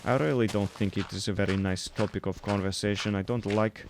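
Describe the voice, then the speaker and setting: A man doing a deadpan broken-English storyteller. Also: lowish voice, brisk, noisy background, natural voice. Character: blunt, exasperated adult man who tells stories in broken English. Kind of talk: comic character monologue.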